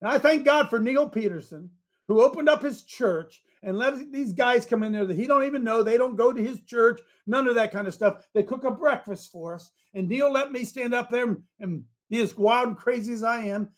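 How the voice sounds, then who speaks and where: A man hosting a talk show, delivering a fiery preachy monologue that swings from quiet asides to shouting. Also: very high voice, normal speed. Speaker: radio show host.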